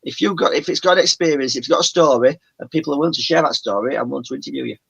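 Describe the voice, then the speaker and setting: This paranormal show presenter, a Yorkshireman with a mild accent, is a guest on a casual video call, rambling and frequently restarting and self-correcting. His voice is a little high, very fast, gravelly, fairly bright and slightly rough, and the recording sounds muffled.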